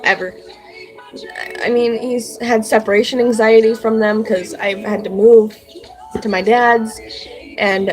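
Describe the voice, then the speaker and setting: A woman's voice: on the high side, rough recording. A young woman telling a personal story about her pets in a casual, rambling way, full of "like" and "um", earnest and heartfelt. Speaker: vlogger.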